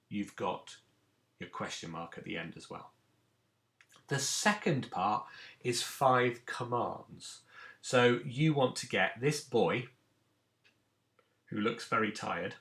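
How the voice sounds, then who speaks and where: A man's voice: on the low side, creaky, a bit bright. A man, a teacher giving a recorded lesson to children and explaining each step patiently. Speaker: primary school teacher.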